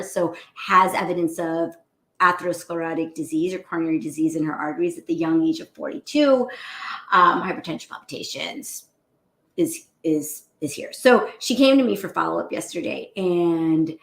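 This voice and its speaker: A woman cardiologist telling a patient's story to a group, animated and chatty. Her voice has a gravelly edge, and the room around her is echoey. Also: fairly low pitch. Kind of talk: casual morning talk to a group.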